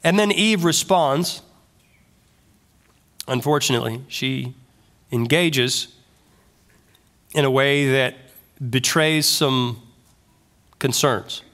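A male pastor preaching a sermon in an animated way, full of rhetorical questions. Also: medium pitch, slow, long pauses.

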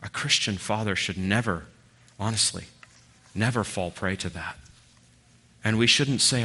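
A man giving a sermon as a guest preacher, earnest, swinging between loud emphasis and near-whispered lines. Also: on the low side, unhurried, pauses often.

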